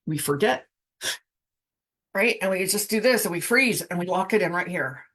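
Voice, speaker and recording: A woman casually teaching, speaking reflectively and guiding the listener through slow breathing, often trailing off mid-sentence. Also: on the low side, expressive, fairly bright tone. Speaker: spiritual coach.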